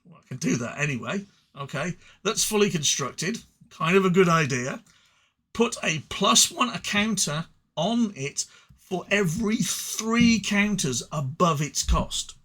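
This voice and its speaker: A man's voice: sits high, lively intonation, unhurried, fairly bright tone. An English man with an English accent reviewing card game cards in a rambling, self-deprecating way with frequent stuttered restarts. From England. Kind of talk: casual solo review.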